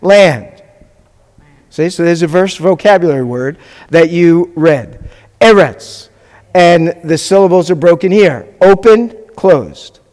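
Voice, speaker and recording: A man's voice: on the high side, expressive, slow, a little mellow. A man, a rabbi, teaching a live Hebrew class, drilling sounds with the students and making joking asides. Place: congregation classroom. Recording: long reverb in a hall.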